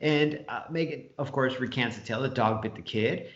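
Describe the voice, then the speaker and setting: A man's voice: medium pitch, a little fast. Swearing guy rambling through a story, roomy muffled lo-fi sound. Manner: profane, rambling, animated storyteller. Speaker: podcast co-host. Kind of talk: casual storytelling chat.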